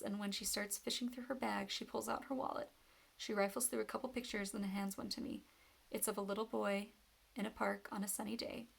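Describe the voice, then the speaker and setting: A woman reading a novel aloud in steady first-person storytelling. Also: mid-range voice, vocal fry, slightly rough. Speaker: reader.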